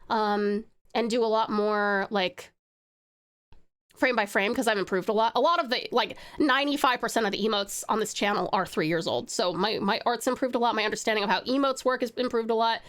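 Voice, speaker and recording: A woman's voice: fairly high pitch, smooth. A woman streamer chatting casually and giggling while she draws, rambling and reading chat aloud. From Australia.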